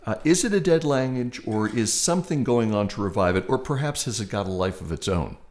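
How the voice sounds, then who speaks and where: A man in his sixties hosting a podcast, reading a scripted introduction and then interviewing a guest in a measured storytelling manner. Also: lowish voice, animated, a little mellow. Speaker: podcast host.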